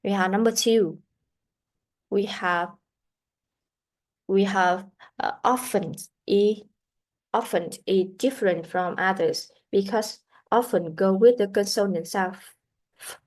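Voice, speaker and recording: A woman leads a pronunciation lesson in a slow, deliberate way. She models sounds carefully for learners to repeat, and her voice sits at a middle pitch. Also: darkish tone. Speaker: English teacher.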